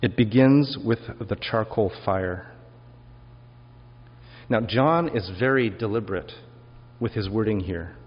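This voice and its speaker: Low-voiced preacher in a reverberant hall. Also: male voice, slow, long pauses. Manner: reflective, conversational, with rhetorical questions. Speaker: pastor. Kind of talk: sermon. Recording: dull lo-fi sermon recording with long hall reverb.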